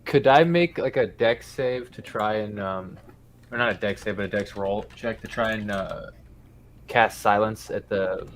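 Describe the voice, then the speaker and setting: Lowish-voiced rambling player man. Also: slight background noise. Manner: rambling, hesitant, with lots of fillers. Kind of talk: casual tabletop play.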